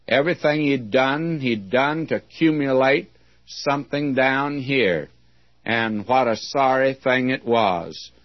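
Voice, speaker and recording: Man, preacher, sermon, slow measured delivery, dry muffled lo-fi sound. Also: mid-range voice, no echo. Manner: slow, deliberate preaching, reading scripture aloud with emphasis. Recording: dull, dry lo-fi recording.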